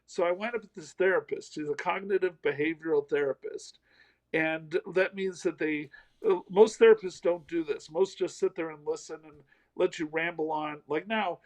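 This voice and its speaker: A middle-aged Southern American man, a comedian appearing as a guest, tells a self-deprecating story during a casual interview. His voice sits on the high side and moves at a normal speed, though the recording is rough.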